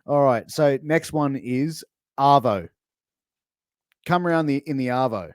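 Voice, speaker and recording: A man's voice: medium pitch, animated, measured pace, dry recording, studio quality. A man with an Australian accent hosting a casual podcast interview, joking and laughing as he quizzes his guest. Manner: jokey, laughs often, slips into put-on slang voices. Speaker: podcast host.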